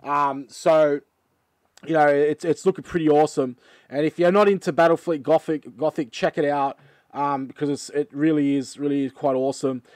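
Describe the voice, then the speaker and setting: An Australian man hosting his gaming channel, chatting casually with lots of fillers and excited outbursts. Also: on the high side, normal speed, dry recording. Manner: rambling, filler-heavy and excitable. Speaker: channel host. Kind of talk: casual chat reacting to a game trailer.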